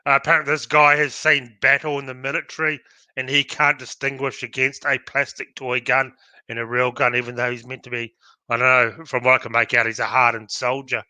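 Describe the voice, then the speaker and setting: A man's voice: medium pitch, flat delivery, brisk, sharp tone, no room sound. An Australian man co-hosting a livestream podcast, talking in a sarcastic, mocking way. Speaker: podcast co-host. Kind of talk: casual livestream chat.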